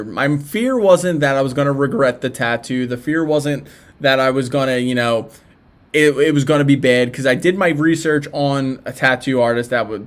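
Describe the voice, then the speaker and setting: A young man with a Philadelphia accent, chatting casually as a livestream host. He reads out viewer messages and answers them in a loose, rambling way, with lots of fillers and restarts. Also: medium pitch. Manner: laid-back, rambling, with frequent fillers and restarts. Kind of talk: casual live-stream chat reacting to viewer messages.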